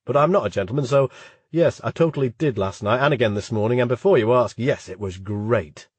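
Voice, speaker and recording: Brief: cocky, boastful young student, as a male narrator puts him on, husky voice. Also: mid-range voice, a little fast, a little mellow, no room sound, lightly acted. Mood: smug. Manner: smug, boastful.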